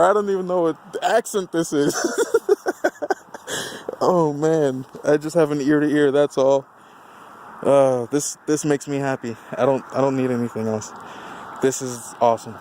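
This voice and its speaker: A man's voice: on the high side, steady tone, measured pace, long pauses, a little mellow, slight background noise. A man filming outdoors at night on a handheld camera, giddy and swearing, laughing often between remarks. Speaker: vlogger filming a burnout. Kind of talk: excited casual commentary.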